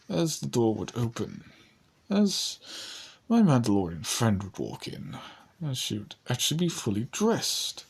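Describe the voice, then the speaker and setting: A young man telling a rambling first-person story in a husky, breathy voice. He talks slowly, with a lively, up-and-down pitch, stumbling and restarting as he goes. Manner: rambling, halting, acts out his own character's lines.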